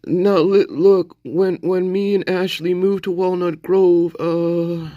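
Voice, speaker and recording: A man's voice: high voice, steady tone, slow, no room sound, dull audio, pitched above the performer's own voice. A man voicing a goofy, rambling male viewer who stammers with many uhs. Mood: teasing, joking.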